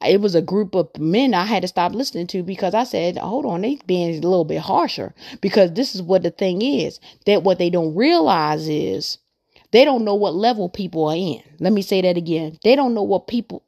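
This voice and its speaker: A gravelly, mid-range, slightly mellow voice belongs to a woman hosting a podcast. Casually and earnestly, she rambles through her thoughts on faith, repeating points for emphasis.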